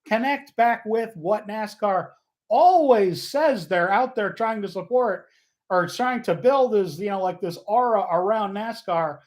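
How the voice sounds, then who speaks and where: Rambling, fired-up male livestream host. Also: sits high. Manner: rambling, joking, loses train of thought; gets loud and fired up. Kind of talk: casual livestream chat.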